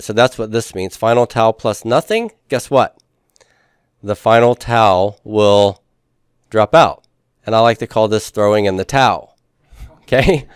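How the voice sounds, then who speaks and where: Clean and medium-pitched, this Greek teacher's voice is captured in a dry recording with clean studio sound. He lectures in a step-by-step way, keeps checking that students follow with "okay?" and "right?", and occasionally plays around with puns and jokes.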